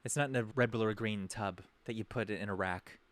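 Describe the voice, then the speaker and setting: A man's voice: on the low side, a little fast, fairly bright tone, dry recording. A man hosting a podcast, telling a story in a rambling, sarcastic way, often correcting himself mid-sentence. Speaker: podcast host. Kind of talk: comedic storytelling.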